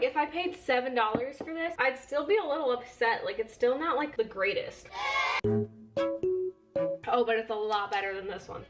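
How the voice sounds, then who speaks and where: A young woman vlogging casually in her kitchen, rambling and self-deprecating, filling her talk with "like". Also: a little high. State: out of breath while scooping. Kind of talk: casual chatty kitchen vlog. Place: home kitchen.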